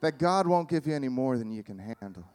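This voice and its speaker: A man's voice: mid-range voice, expressive, fairly quick, a little mellow, clean tone, voice pushed down, lightly acted. A man voicing a well-meaning Southern church lady who gives preachy advice in a syrupy tone.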